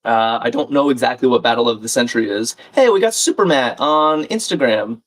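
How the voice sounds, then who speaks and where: Lively intonation and a fairly quick pace mark this man's medium-pitched voice as he hosts a crossword livestream. He reasons through clues aloud, chats casually, and reads out viewer remarks.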